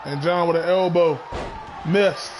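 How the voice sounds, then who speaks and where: A man doing excitable play-by-play commentary of a wrestling match, often shouting his calls. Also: on the high side, measured pace, a crowd in the background, background noise.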